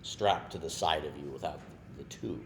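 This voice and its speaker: A man's voice: a bass voice, moderate pace, noisy background. A man guest on a casual podcast, telling a story and often checking in with "right?" and breaking into laughter.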